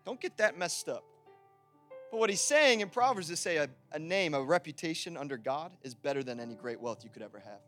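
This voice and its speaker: High-voiced preacher man, casual and emphatic. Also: expressive, brisk, faint music behind. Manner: casual, conversational preaching with swings into loud emphatic bursts. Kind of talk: sermon.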